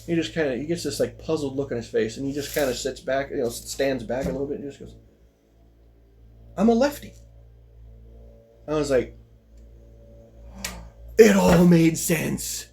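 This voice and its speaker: A man's voice: steady tone, fast, hardly any pauses, darkish tone, a little hiss or hum. Rambling man telling a story. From United States. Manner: rambling, full of "you know" and "like", with restarts; pitch jumps up when he gets worked up. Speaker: vlogger. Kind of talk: casual spoken storytelling.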